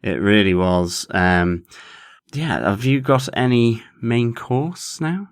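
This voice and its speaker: A man co-hosting a podcast about a TV series, talking in a measured way and stretching key words. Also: medium pitch, clean tone, dry recording, studio quality. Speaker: podcast co-host. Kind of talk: casual TV review chat.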